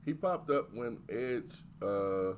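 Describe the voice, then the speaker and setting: A man's voice: medium pitch, expressive, slow, slight background noise. A man co-hosting a podcast, wry and playful in casual chat. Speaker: podcast co-host.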